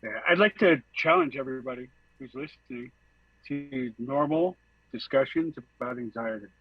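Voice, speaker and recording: A man's voice: medium pitch, moderate pace, husky, no room sound. A man from San Francisco, a guest on a podcast, talking earnestly in casual chat, with many "like" fillers. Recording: dull lo-fi dry sound.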